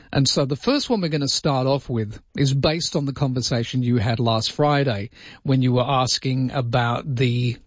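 A man's voice: medium pitch, breathy edge, no room sound, lo-fi sound. A man hosting a radio show in casual, joking banter, teasing his co-workers. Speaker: radio host.

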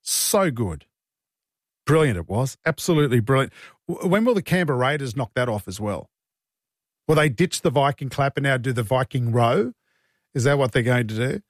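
A man's voice: mid-range voice, animated, moderate pace, no echo, clean studio sound. A man with an Australian accent hosting morning talkback radio, chatty and jovial, laughing easily. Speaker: radio host. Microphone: studio mic.

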